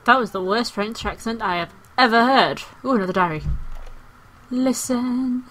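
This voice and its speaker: A woman's voice: medium pitch, brisk, a bit bright, poor audio. A woman playing a video game and commentating casually, chatty and playful with frequent exclamations. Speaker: gaming video host.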